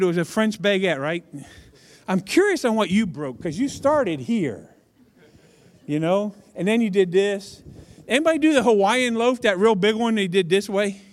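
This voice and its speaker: High-voiced man preaching casually. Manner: chatty, humorous, addresses audience directly. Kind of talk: casual conversational sermon.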